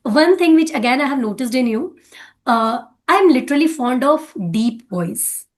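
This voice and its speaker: A woman's voice: high-pitched, animated, normal speed. A woman with an Indian English accent, coaching in a casual talk about speaking English and often checking in with "right?".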